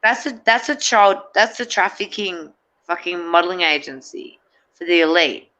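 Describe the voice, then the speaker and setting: A woman's voice: fairly low pitch, lively intonation, moderate pace, bright, forceful tone, poor audio. A middle-aged woman, a guest in a casual chat, rambling and hesitant with many fillers and restarts.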